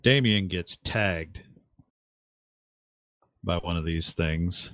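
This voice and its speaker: A man's voice: low voice, drawn-out words, fairly bright tone, dry recording. A man running a tabletop game as game master, thinking aloud with fillers and wry asides. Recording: dull lo-fi dry mic.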